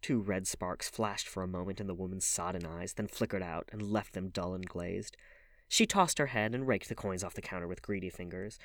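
A man reading a classic novel aloud as audiobook narration, in a measured, even manner. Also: deep voice. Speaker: audiobook reader.

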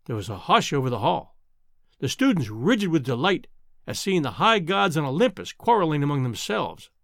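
A man reading a classic novel aloud as an audiobook narrator, measured and expressive. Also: fairly high pitch, gravelly, no room sound, clean studio sound.

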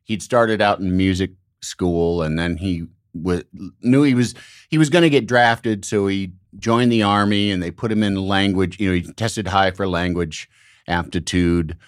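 A middle-aged man from Illinois, hosting a podcast and telling rambling, animated stories in casual conversation. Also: low voice, measured pace, clean tone, dry recording, clean studio sound. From Illinois, United States. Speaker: podcast host.

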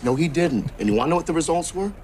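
An actor playing a worn-out boyfriend in a film scene who wriggles out of helping with chores by talking fast and glibly. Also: male voice, on the high side, expressive, a little mellow, close to an everyday voice. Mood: mock lecturing. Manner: fast-talking, glib, wheedling, rising to mock grandeur. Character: lazy exhausted boyfriend dodging chores. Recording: film clip with faint background noise.

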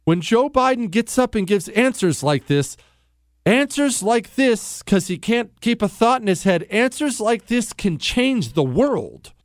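A man rants on his talk radio show, his voice pitched high and swinging wildly up and down. He is sarcastic and keeps breaking into mocking impressions. The studio sound is close and dry. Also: sing-song, a little slow, dry recording. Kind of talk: opinionated talk radio monologue. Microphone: studio microphone.

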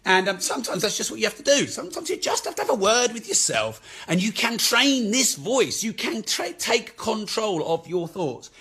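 A man's voice: high voice, sing-song, moderate pace, hardly any pauses, sharp tone, breathy edge, faint music behind. A man who speaks frankly and swears freely, giving a candid motivational talk about his business life.

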